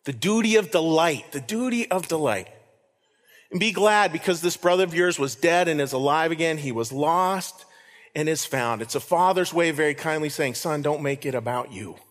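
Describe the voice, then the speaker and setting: A man's voice: fairly high pitch, lively intonation, moderate pace, fairly bright tone. A man preaching a sermon as pastor, earnest, repeating key lines for emphasis. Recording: reverberant hall.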